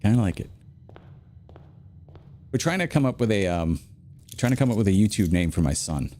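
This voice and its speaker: A man streaming a video game, chatting casually and telling rambling, animated stories. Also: lowish voice, quick pace, slight background noise. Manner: rambling, animated storyteller who acts out quotes.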